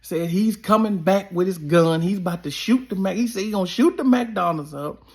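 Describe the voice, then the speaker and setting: A man with a gravelly, creaky voice that sits a little high recounts a story in an animated, emphatic way. He leans on repeated phrases to build it up. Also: normal speed. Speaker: former college basketball player.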